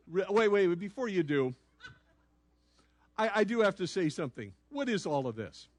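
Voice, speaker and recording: A man with a high voice preaches to his church, lively and playful, pausing to quiz the listeners and lead them in responses. The sound is close and dry, with almost no room echo. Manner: animated, playful, asks the audience questions. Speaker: pastor and law enforcement chaplain. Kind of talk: sermon with call-and-response teaching. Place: church sanctuary.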